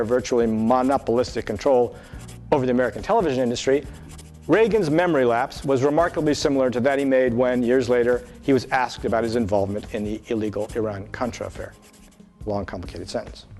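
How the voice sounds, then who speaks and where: Male tutor, scripted lesson delivery, steady and explanatory, soft music under. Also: mid-range voice. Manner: measured, explanatory, reads answer choices aloud. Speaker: SAT tutor. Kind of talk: scripted test-prep lesson.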